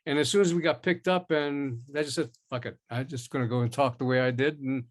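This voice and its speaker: Older actor telling rambling stories. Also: male voice, medium pitch, fairly quick. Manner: rambling, animated, with many restarts and acted-out quotes. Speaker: actor, interview guest. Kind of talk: casual interview storytelling.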